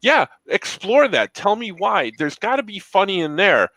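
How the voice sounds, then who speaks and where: A man's voice: sits high, big pitch swings, normal speed, sharp tone, dry recording, poor audio. A man co-hosting a podcast, frustrated, often restarting his sentences with stammers in casual chat. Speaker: podcast co-host.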